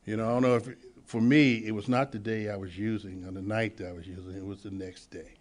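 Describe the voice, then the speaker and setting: A man speaking at a recovery meeting, telling his own story and acting out the dialogue, swinging from hushed to loud. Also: lowish voice, fairly even intonation, fast talker. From Los Angeles. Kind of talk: personal testimony at a meeting.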